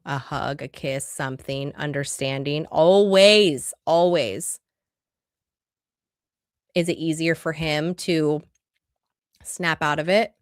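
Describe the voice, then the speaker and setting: A woman's voice: low voice, dry recording, clean studio sound. A woman relationship coach giving an earnest, conversational livestream talk full of rhetorical questions.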